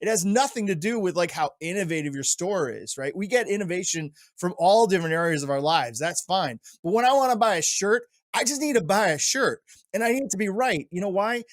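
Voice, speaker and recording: A man speaking on a retail panel, emphatic and animated, tossing in "right?" and "like" constantly. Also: sits high, a little fast, few pauses, dry recording. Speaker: retail industry analyst. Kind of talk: panel discussion.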